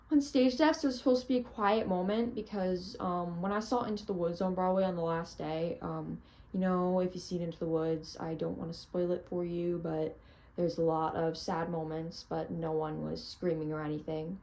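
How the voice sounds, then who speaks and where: A woman's voice: lowish voice, fairly even intonation, normal speed, a little mellow. A teenage girl gushing about a theater trip, breathless and full of "like" and "oh my gosh". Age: teens. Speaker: theater fan vlogger. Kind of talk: excited storytelling.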